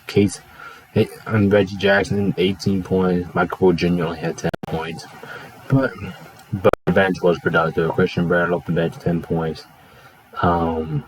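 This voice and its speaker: A man's voice: sits low, a little mellow, slight background noise, low-quality recording. A man hosting his own video, talking through sports results in a casual, offhand, chatty way.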